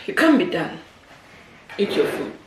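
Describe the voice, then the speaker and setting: Playful vlogger woman with a West African accent, lively and teasing, roomy echo. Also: medium pitch, measured pace. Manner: teasing, playful, repeats herself. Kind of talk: casual prank vlog chat.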